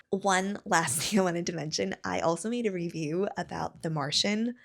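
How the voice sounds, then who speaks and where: A woman's voice: on the low side, gravelly. A woman in her thirties, a book vlogger chatting casually to camera in a rambling way with lots of fillers. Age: 30s.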